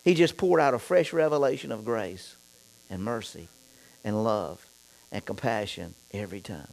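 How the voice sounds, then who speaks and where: A male pastor preaching a sermon, reading scripture and then talking straight to the congregation, dropping low for asides and getting loud and fired up in other stretches. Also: big pitch swings, normal speed, gravelly, low-quality recording. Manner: reads scripture aloud and talks straight to the congregation.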